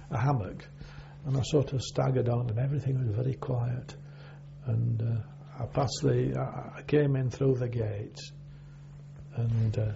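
An older man, a former navy sailor, recalling his service in an oral history interview, rambling and halting with many fillers. The recording is dull and lo-fi with a faint hum. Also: mid-range voice, gravelly.

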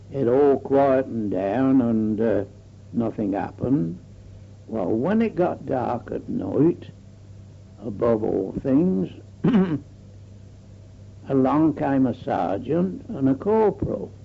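A man's voice: mid-range voice, creaky, muffled recording. An older man recalls his wartime days in a rambling oral-history manner, full of fillers and restarts. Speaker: war veteran recalling memories.

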